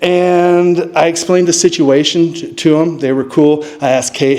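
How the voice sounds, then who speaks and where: A man's voice: moderate pace, few pauses. A man from Montana telling a comic story at a live show, acting out what people said in sudden raised voices. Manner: animated, acts out quotes with sudden high-pitched voices. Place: distillery stage before a live audience.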